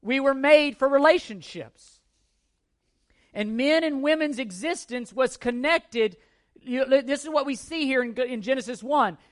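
A man's voice: very high voice, a little slow. A man preaching a teaching sermon, earnest and emphatic, repeating key points and asking rhetorical questions of his listeners. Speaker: pastor.

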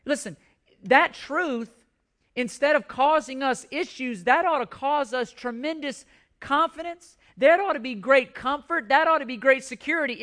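A male pastor delivers a sermon with emphatic, repeated phrases and frequent restarts. His voice sits very high for a man. The tone is bright and forceful. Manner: emphatic preaching with repetitions and restarts.

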